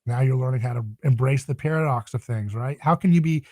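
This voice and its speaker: A man's voice: mid-range voice, a little fast, darkish tone, no room sound. A man speaking as a podcast guest in a passionate, emphatic, preaching tone. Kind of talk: podcast interview.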